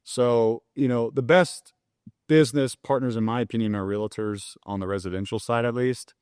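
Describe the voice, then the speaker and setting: A man's voice: mid-range voice, steady tone, moderate pace, darkish tone, smooth, no echo. Candid young man, dry close sound. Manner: loose and candid, many "like" fillers. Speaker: mortgage loan officer, podcast guest. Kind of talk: casual conversational interview.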